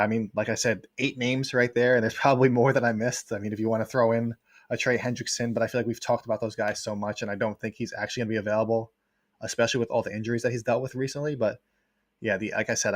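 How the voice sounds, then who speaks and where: A man, a guest sports writer, talking in a casual livestream chat, quick and rambling with many fillers. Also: medium pitch, dry recording, studio quality.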